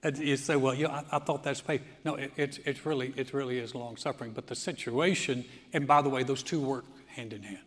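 A man's voice: medium pitch, brisk, few pauses. Man preaching in a reverberant church. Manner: animated storytelling with laughs and restarts. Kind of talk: sermon. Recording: long hall reverb.

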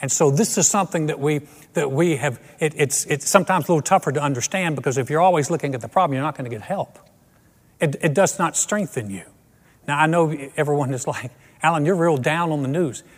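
Male pastor, earnest conversational sermon, repeats for emphasis, fairly high voice, echoing hall. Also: animated, fast talker, slightly rough.

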